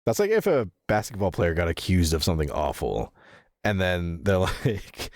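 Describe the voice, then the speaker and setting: A man's voice: sits low, animated, normal speed, darkish tone, dry recording, clean studio sound. A man streaming a game, chatting casually with viewers and reading out their messages, laughing often and swearing casually, with lots of fillers. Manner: rambling, with fillers and self-corrections.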